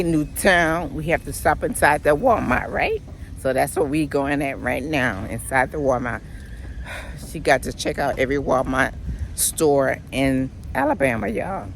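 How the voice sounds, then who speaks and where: Woman vlogging, slow and drawn out, pitch swings all over, bit high, lots of oh my gods. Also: vocal fry, slight background noise. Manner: animated and exclamatory. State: emotional, close to tears. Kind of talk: casual vlog chat.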